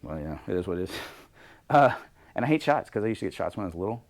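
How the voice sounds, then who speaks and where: A middle-aged man with a fairly low voice coaches a small workshop group. His delivery is lively and conversational, and he slips into little acted-out exchanges to make his points. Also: fast. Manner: lively, acts out dialogue in different voices. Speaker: leadership coach. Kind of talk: workshop talk.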